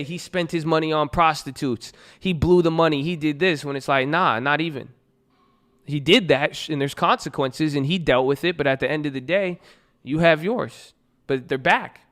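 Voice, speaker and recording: A man hosting a trading group, reading a parable aloud and then riffing on it in a loose, slangy motivational talk. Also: fairly high pitch. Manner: reads a parable then riffs on it with slang and loud jokes.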